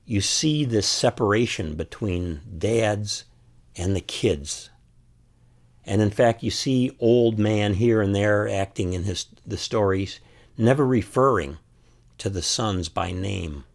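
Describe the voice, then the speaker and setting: A man speaking earnestly and from the heart as an author and host, reflecting on a film scene. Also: fairly low pitch. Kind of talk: reflective commentary to camera.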